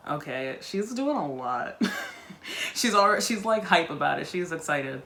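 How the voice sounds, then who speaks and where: A woman reads a novel aloud in a bright, clear voice, breaking off for casual, wry comments. Her talk stays loose and conversational, mixing reading with chat. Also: low voice, expressive, a little slow. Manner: chatty, wry asides between read passages. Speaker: book-reading video host.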